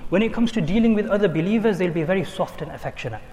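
A man's voice: sits high, lively intonation, very fast, darkish tone, long reverb tail. A man preaching a sermon, telling stories and mixing in Urdu and Arabic quotations. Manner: storytelling, switching between English, Urdu and Arabic quotations. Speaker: Islamic preacher.

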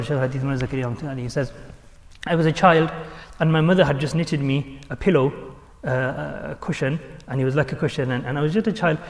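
Man preaching with lively storytelling, echoing hall. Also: on the high side. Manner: animated, acts out quoted voices. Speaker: Islamic teacher. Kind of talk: sermon storytelling.

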